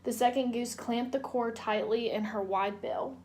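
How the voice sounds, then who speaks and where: A young woman, a student, narrating a children's storybook read-aloud in a gentle, clear way. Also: on the high side, steady tone, normal speed, a little hiss or hum. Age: young adult. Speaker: student reader.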